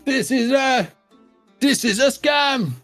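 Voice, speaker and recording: A man's voice: takes it slowly, fairly bright tone, faint music behind, heavily acted. A man voicing a dwarf who is outraged at being sold fake booze. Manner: shrill, indignant. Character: outraged male dwarf tasting bad booze.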